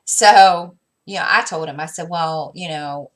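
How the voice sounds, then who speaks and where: At home, a mother in her thirties who makes crafting vlogs casually recounts a story in a low-pitched, fairly bright voice, speaking a little slowly. She meanders with fillers and restarts and performs the dialogue between her and her son.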